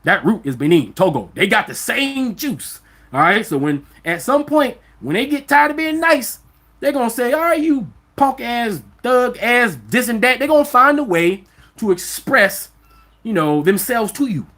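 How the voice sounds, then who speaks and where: A man's voice: high-pitched, very animated, moderate pace, bright, forceful tone. A man with an African American accent hosting a live stream, talking in an emphatic, profane, fired-up monologue. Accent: African American English. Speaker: vlog host.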